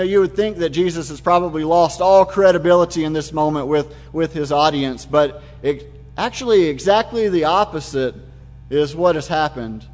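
High-voiced preacher in an echoing hall. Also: male voice, a little mellow. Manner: vivid, imaginative storytelling. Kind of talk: sermon. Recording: long hall reverb.

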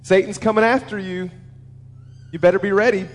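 A man's voice: high-pitched, steady tone, brisk. A man preaching a sermon as a pastor, talking earnestly and conversationally and putting questions to the listeners. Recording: long reverb of a large hall.

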